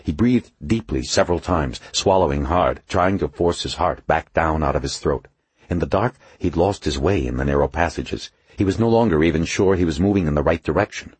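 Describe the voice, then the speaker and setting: A man reading a suspense novel aloud as an audiobook narrator. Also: no echo. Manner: low, husky, lively storytelling voice. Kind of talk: scripted narration.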